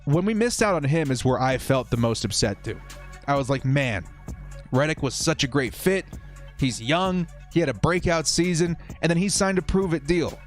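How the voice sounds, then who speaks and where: A man hosting a casual football live-stream, reading viewer comments and giving animated, fired-up opinions. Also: a little high, moderate pace, faint music behind.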